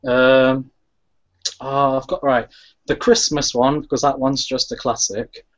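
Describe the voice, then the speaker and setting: A man's voice: medium pitch, level tone, a little slow. A playful man chatting casually with friends, on a dull lo-fi recording. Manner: playful, doing impressions. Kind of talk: casual chat.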